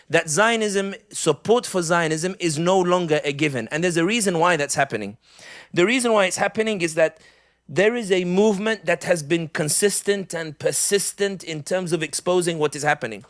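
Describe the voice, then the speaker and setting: A middle-aged man gives a live public speech as an animated storyteller with comic asides. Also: high-pitched, moderate pace. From United Kingdom. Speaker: public speaker.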